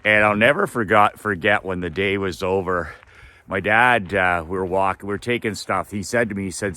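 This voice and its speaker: A middle-aged man telling a personal story in a relaxed way, with fillers and laughs. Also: deep voice, moderate pace. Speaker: business coach. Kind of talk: casual storytelling.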